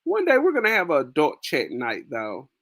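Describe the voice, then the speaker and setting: A woman's voice: low-pitched, huge pitch swings, normal speed, fairly bright tone, no room sound, studio quality. A young woman hosts a casual livestream, chatting to viewers, reading their comments aloud and laughing often with slangy asides. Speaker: livestream host. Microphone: phone.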